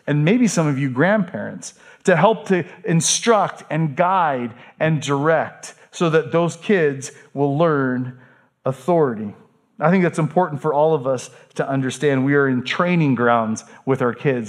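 A middle-aged man preaching a sermon as pastor, earnest and candid, often asking rhetorical questions. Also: high-pitched.

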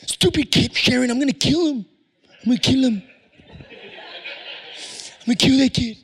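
A man voicing his stern, angry father, scolding a son in a loud raised voice. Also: extremely high pitch, moderate pace, breathy edge, voice pushed up, exaggerated voice.

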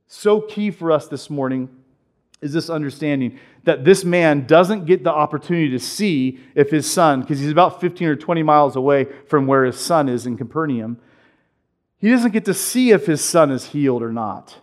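A man preaching a sermon, animated and acting out the voices he quotes. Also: a little high, normal speed. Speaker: pastor.

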